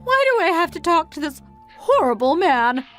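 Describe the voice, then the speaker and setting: A woman's voice: a little high, sing-song, soft background music. A woman playing an exasperated middle-aged mother who fires off complaining questions in a dramatized family story. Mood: self-pitying. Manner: complaining, rapid-fire questions.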